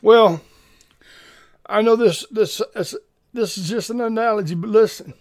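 High-voiced, earnest man preaching. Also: unhurried. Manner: earnest, folksy and urgent. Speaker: preacher and podcast host. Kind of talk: informal preaching podcast.

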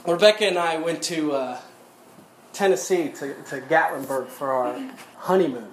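A man's voice: fairly high pitch, moderate pace. A pastor preaching a sermon, telling a story between quoted scripture and chuckling as he goes. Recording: echoey room.

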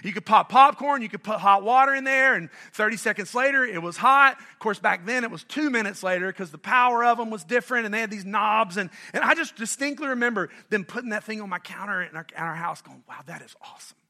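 Bright, high-voiced middle-aged preacher. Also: male voice, quick pace, few pauses. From North Carolina, US. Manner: animated and conversational, questions and jokes with the congregation. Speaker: pastor. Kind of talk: sermon.

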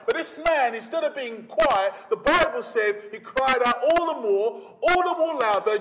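A man with a high voice preaches a sermon with dramatic flair. He acts out the voices of the people in his Bible stories and swells to loud emphasis. His voice rings with the long reverb of a church hall. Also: animated, measured pace, few pauses, a little hiss or hum.

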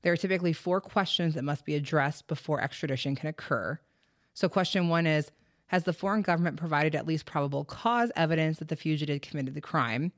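A woman's voice: sits low, brisk, dry recording, clean studio sound. A woman hosting a true crime podcast, telling the story in casual, chatty talk full of fillers and the odd swear word. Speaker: podcast host.

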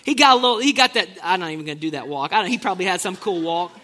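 Male preacher, super high bright voice, jokey and animated. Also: rapid-fire. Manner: animated storyteller, joking, playful asides. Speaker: pastor. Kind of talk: sermon.

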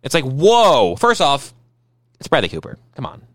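A man's voice: medium pitch, huge pitch swings, normal speed, fairly bright tone, no echo. A man co-hosting a casual podcast, ranting sarcastically and swearing freely. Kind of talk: casual chat.

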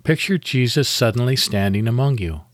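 A man hosting a devotional podcast, leading a guided meditation and prayer in a calm, measured, deliberate way. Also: medium pitch, no room sound.

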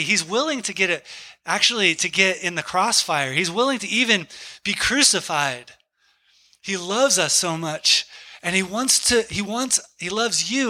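A man in his thirties preaching a sermon, telling a story and acting out a friend's excited quotes. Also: sits high. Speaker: pastor.

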